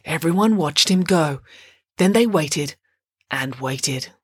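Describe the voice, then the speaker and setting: A woman narrating a children's story in a playful, expressive way. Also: low voice, slow pace, slightly rough, no room sound, clean studio sound.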